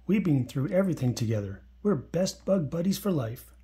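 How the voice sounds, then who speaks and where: An eager young boy dragonfly with a raised, bouncy voice, as a man reading aloud puts him on. He sounds excited and earnest, full of lively rises and falls, with a mellow, soft tone. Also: a little high, normal speed, pitched above the performer's own voice.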